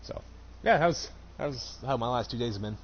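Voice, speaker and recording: A man's voice: mid-range voice, expressive, brisk, highs cut off, slight background noise. A young man, a store cashier, casually telling a heated, profane story with laughs while gaming.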